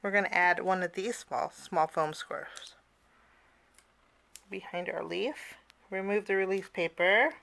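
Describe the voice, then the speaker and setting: Bright-voiced chatty woman teaching crafts. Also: on the low side, measured pace, vocal fry, long pauses. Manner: chatty, apologetic asides, frequent fillers. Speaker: cardmaking teacher. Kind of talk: casual craft tutorial.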